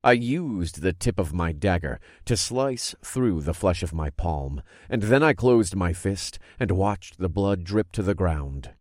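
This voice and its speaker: A man narrating a dark fantasy story in the first person, steady and low-key. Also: measured pace, few pauses, no echo, clean studio sound.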